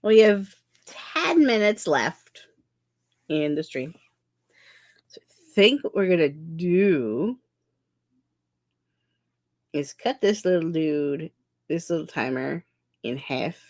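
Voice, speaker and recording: A woman's voice: low-pitched, animated, slow pace, pauses often. A young woman talks casually on a writing livestream. She reads chat aloud and often restarts her sentences, and her voice swings up and down a lot. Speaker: streamer hosting a writing session.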